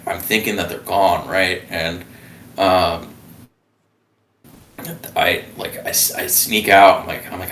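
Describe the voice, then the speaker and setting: A young man, a former submarine sailor, telling his story as a guest in a halting way full of restarts. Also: deep voice, fairly bright tone, slight background noise. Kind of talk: casual storytelling. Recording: roomy, distant mic.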